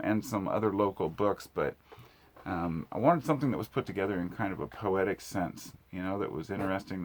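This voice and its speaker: A man talking to camera in a casual vlog, rambling and reflective, with many fillers and restarts. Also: low voice. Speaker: vlogger.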